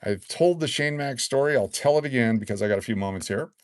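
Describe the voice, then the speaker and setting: A man in his sixties hosting a casual live stream, excitedly reading out collectible cards and rambling into stories. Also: mid-range voice, fast talker, smooth, dry recording, studio quality. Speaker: livestream host giving away collectible cards.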